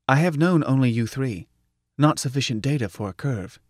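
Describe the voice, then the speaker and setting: A man's voice: mid-range voice, animated, moderate pace, no room sound, studio quality, natural voice. A man reading an audiobook, voicing a polite, earnest male computer mind that speaks formally and precisely. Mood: matter-of-fact. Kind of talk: audiobook narration.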